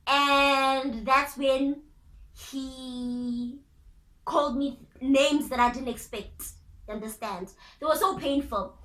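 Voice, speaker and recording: Animated South African young woman vlogger. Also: high voice, unhurried. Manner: animated, dramatic, chatty. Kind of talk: casual storytime. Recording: echoey room.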